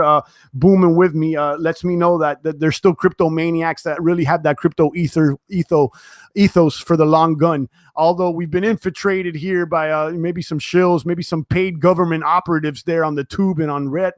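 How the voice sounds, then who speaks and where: A young man with a fairly high voice hosts a casual live stream and talks straight to his viewers. He speaks loosely, full of fillers and restarts, and his voice sounds dry and close with no room echo. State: sweating, tiring. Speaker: crypto live-stream host. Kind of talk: live-stream chat reading viewer comments.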